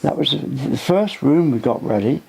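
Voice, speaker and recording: An older inn owner giving a rambling tour, tired and halting, often restarting his sentences. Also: a little high, expressive, vocal fry, darkish tone. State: tired, voice fading. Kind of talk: rambling casual talk. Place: old inn, indoors.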